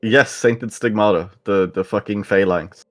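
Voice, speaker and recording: A man's voice: on the low side, unhurried, soft background music. A man chatting casually as a player in a tabletop game, joking and swearing loosely.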